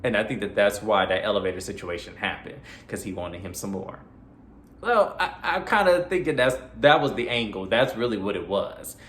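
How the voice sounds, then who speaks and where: A man casually recapping a horror film's plot for his review channel, chatty and animated, talking back to the characters. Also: lowish voice, normal speed. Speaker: movie reviewer. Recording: echoey room with faint noise.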